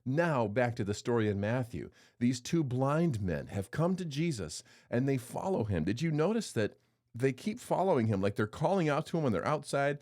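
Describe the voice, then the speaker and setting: A man's voice: mid-range voice, very animated, normal speed, a little mellow. A man in his forties hosting a daily devotional, reading scripture and telling a folksy personal story, voicing the people he quotes.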